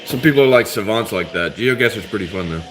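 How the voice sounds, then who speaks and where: A man's voice: on the low side, lively intonation, fast talker, music in the background. A man hosting a live stream, chatting casually and rambling with his viewers. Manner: rambling, laid-back, chats with commenters. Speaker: livestream host.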